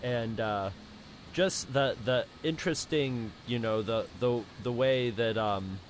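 A man's voice: mid-range voice, takes it slowly, slight background noise. A man co-hosting a casual chat, talking hesitantly with many fillers and restarts. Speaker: podcast co-host.

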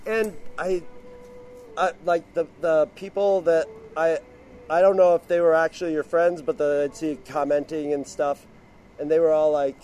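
High-voiced man chatting, laughing often. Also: level tone, moderate pace, dark tone, a little hiss or hum. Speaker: podcast guest. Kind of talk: casual chat.

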